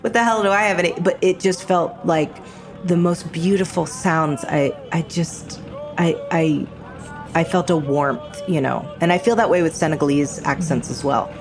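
Low-voiced American woman, animated. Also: normal speed, music in the background. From New York. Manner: animated storyteller, slips into voices. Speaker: actor and guest. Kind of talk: casual interview chat.

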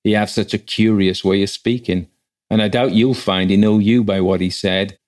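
A man voicing a hearty, rough boatman of olden times who talks in loud, rustic country speech. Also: fairly low pitch, fairly even intonation, moderate pace, natural voice. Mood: knowing.

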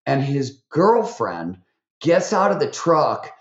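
A man, a podcast guest, tells stories in an animated way, with lots of fillers and restarts. His voice jumps up when he quotes people. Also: mid-range voice, slow pace. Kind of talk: animated interview storytelling. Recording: roomy, slightly dull recording.

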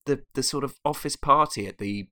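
A man's voice: medium pitch, fairly quick, pushed and bright. A man talking about a film, hesitant, with many restarts. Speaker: film reviewer. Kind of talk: casual film discussion.

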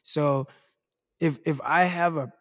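A man's voice: a little high, fairly even intonation, takes it slowly. A man co-hosting a sports podcast in casual chat, talking loosely with lots of fillers and slang. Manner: loose and rambling, heavy on "like" and "bro".

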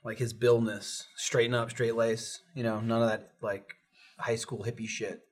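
A man co-hosting a podcast, telling stories in a relaxed, filler-heavy way. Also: mid-range voice, normal speed. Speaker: podcast co-host. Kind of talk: casual group chat.

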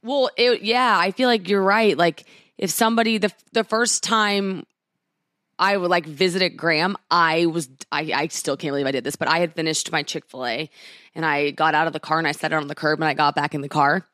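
A woman's voice: low voice, a little fast, dry recording. 20s woman laughing at herself while she tells a story, dry close sound. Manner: animated, self-mocking storytelling. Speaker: podcast co-host. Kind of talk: casual chat.

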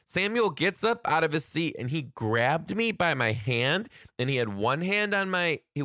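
A man, a teacher, chatting casually with viewers as he tells a story in an animated way, swearing now and then. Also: on the high side, no echo, studio quality.

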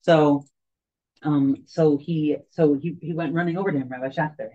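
Halting woman telling a story, warm tone. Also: sits low, steady tone. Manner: halting, many fillers and restarts. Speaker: tour guide. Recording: dull lo-fi recording.

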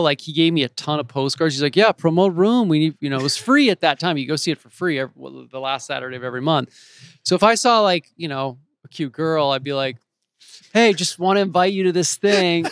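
Smooth-voiced man telling lively anecdotes. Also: a little high, no room sound, clean studio sound. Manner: animated, acts out quoted voices in his stories. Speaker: interview guest, actor and author. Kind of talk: casual storytelling in an interview. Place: home in Los Angeles.

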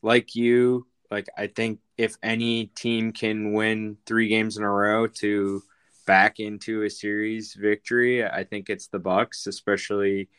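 A man co-hosting a sports podcast, talking in a halting way with many fillers. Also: on the low side, little pitch movement, a bit bright, clean tone. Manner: hesitant, full of fillers. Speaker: podcast co-host. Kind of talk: sports talk chat.

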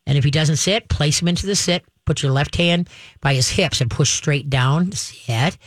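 A woman hosting a call-in show as a dog trainer, giving direct, step-by-step advice to a caller and acting out calm commands, often checking in with "okay?". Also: low-pitched, moderate pace, dry recording, studio quality. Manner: frequent checks like "okay?" and "all right?".

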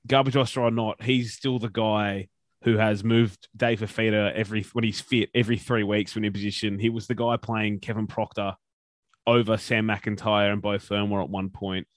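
A man's voice: lowish voice, no echo, clean studio sound. Opinionated Australian man ranting. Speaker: podcast co-host. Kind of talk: casual sports chat.

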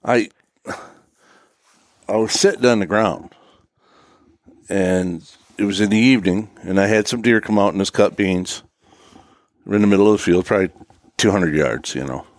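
A man's voice: fairly low pitch, normal speed, pauses often, no room sound, studio quality. A man telling a hunting story in a casual podcast chat, rambling and saying "you know" a lot. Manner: rambling, filler-heavy, says "you know" constantly. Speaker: podcast guest.

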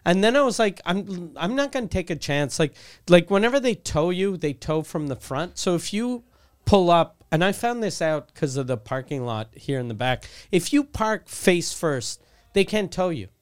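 A man with a smooth, resonant voice pitched a little high talks in loose podcast chat. He rambles and swears, often restarting his sentences as he explains. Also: lively intonation, moderate pace. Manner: rambling and profane, with many restarts.

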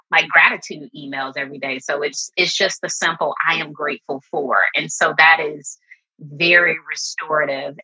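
Husky low-voiced woman in her forties. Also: bright, forceful tone, dull audio. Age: 40s. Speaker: therapist guest. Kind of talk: interview answers.

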